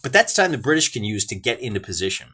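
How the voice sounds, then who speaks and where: A man's voice: medium pitch, big pitch swings, quick pace, pushed and bright, husky. An American man hosting a wargaming show, chatting casually through the game with folksy asides and restarts. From United States. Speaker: wargaming channel host.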